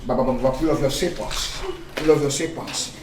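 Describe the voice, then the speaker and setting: A man with a Nigerian accent playing a pastor and landlord in a comic film, who prays with loud, commanding shouts. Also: mid-range voice, steady tone, moderate pace, recorded from a distance, noisy background, natural voice. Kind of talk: comedic film acting. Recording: roomy with music behind.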